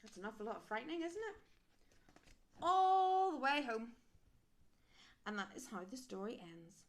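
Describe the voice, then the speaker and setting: Lively woman reading a storybook. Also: fairly high pitch, measured pace. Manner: animated, with sound effects and asides to listeners. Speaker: storyteller reading a picture book to children.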